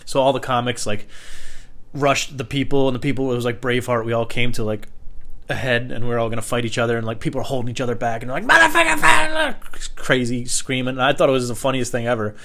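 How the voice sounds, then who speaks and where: A young man talking in a loose, rambling stand-up style, full of "like" and profanity. He puts himself down often and jumps into loud, high-pitched voices whenever he quotes someone, then drops back to his ordinary, mid-pitched voice. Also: level tone, fast. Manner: rambling, profane, self-deprecating, full of fillers; breaks into loud high put-on voices when quoting people. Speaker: comedian.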